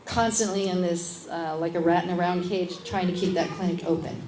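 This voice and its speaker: Give me a middle-aged woman telling stories casually at a live interview, with lively voiced-out quotes and a low voice. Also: brisk. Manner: animated, acts out other people's lines. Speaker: guest, midwife. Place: event space at a lunch gathering. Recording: echoey room with background noise.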